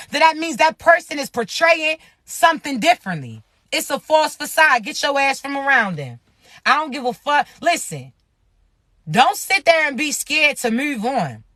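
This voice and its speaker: A high-pitched, bright-toned voice cuts through with blunt, profane spiritual love advice, driving each point home with repeated check-ins to the listener. The sound is dry and close, with no room echo. The talk is casual, motivational and unfiltered. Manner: blunt, profane, emphatic, keeps asking "you understand me?".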